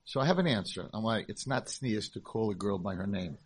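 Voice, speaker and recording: Husky-voiced rabbi telling stories. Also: male voice, lowish voice, brisk. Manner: animated storyteller, acts out voices. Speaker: rabbi and school founder. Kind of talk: conference talk with storytelling.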